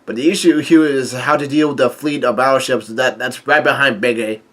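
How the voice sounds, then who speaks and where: A man's voice: medium pitch, steady tone, brisk, a bit bright. A man casually reading through a manga chapter, hesitant and full of fillers and restarts. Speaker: manga reader and commentator.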